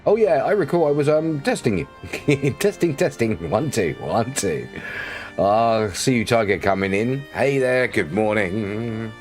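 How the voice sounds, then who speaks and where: Brief: man from Britain, low voice, rambling and chatty, greets viewers, faint music behind. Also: lively intonation, a little slow. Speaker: game streamer. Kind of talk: casual live-stream chat.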